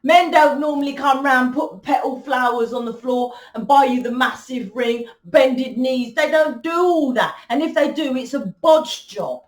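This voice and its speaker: A woman's voice: high voice, measured pace, few pauses, reverberant, far from the mic. A woman giving a spiritual reading to her viewers, blunt and emphatic, swearing freely. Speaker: spiritual reader. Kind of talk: casual monologue to viewers.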